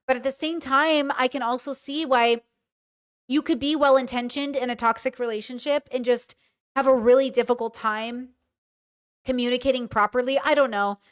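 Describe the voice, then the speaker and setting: Brief: young woman commentator, high pitch, dry close sound, swears freely, exasperated. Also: steady tone, normal speed, dry recording. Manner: blunt, profane, exasperated. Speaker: reaction video commentator. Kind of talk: casual reaction commentary.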